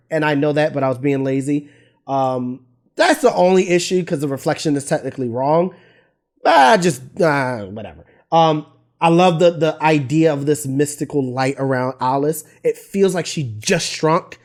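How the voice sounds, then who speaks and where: A man's voice: fairly high pitch, moderate pace. Chatty thirty-year-old man with a light voice. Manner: chatty and candid, trailing off and restarting, emotional. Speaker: artist reviewing his own work. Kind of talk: casual talking-head vlog.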